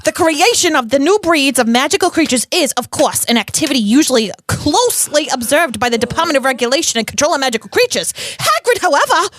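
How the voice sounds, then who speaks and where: A woman's voice: high-pitched, expressive, quick pace, hardly any pauses, a bit bright, dry recording. A woman voicing a gossipy, brash female tabloid reporter with a put-on New York accent, reading an article aloud in character and giggling through the lines. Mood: snide.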